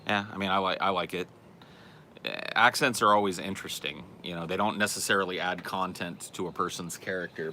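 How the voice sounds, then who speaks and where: A man with a low voice and a bright, forceful edge, chatting casually on a livestream. He rambles and restarts his sentences as he answers viewer questions. A faint rumble and noise sit under the recording. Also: brisk. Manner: rambling, self-correcting, conversational. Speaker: podcast host reading chat questions.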